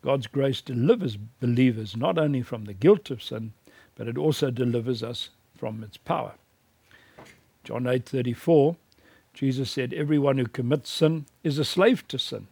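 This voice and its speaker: A man teaches in a gravelly, slightly husky voice, recorded dry and close. He speaks with emphatic conviction and mixes in personal stories. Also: mid-range voice, normal speed, a little mellow, dry recording. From South Africa. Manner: earnest, emphatic preaching cadence with personal anecdotes. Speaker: lecturer.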